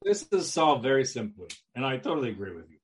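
A man co-hosting a podcast in casual, crude banter, joking and teasing loudly. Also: medium pitch, very animated, quick pace. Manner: joking, loud teasing outbursts. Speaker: podcast co-host.

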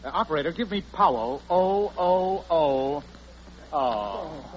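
A man hosting a 1940s radio comedy show with bright, eager announcing. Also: a little high, lively intonation, slow pace. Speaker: host. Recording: dull old radio broadcast with hiss.

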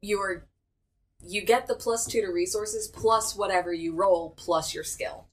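A woman's voice: mid-range voice, measured pace. A woman hosting and running a tabletop game as game master, upbeat and giggly. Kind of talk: casual tabletop game chat.

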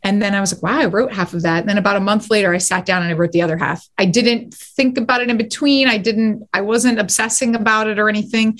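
Animated woman telling stories. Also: mid-range voice. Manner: animated storyteller, quick bursts of speech. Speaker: guest actor and writer. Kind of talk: casual podcast interview.

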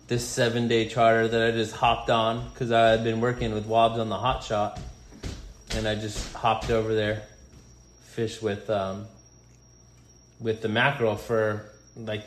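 A man, a deckhand and podcast host, telling a fishing story in relaxed, rambling chat with many fillers. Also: fairly low pitch, normal speed, slight background noise. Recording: echoey room.

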